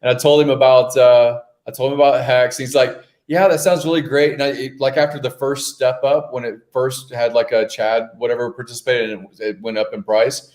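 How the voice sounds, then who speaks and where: A man's voice: medium pitch, level tone, brisk, few pauses, a little mellow. A man co-hosting a podcast, talking loosely with lots of fillers while telling stories. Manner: loose, filler-heavy, storytelling. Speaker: podcast co-host. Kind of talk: casual chat.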